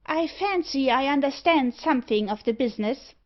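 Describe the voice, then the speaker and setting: A woman voicing a meek, strange little old man who answers mildly and quietly. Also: high voice, animated, normal speed, voice pushed up. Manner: mild and quiet. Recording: slightly dull audio.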